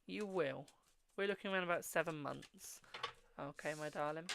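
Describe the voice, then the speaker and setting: Tarot streamer with a gravelly voice, keeps saying my darling, mutters over the cards. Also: mid-range voice, brisk, noisy background. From England. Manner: calls viewers "my darling", murmurs while drawing cards. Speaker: tarot reader, live-stream host. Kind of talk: casual live-stream tarot reading.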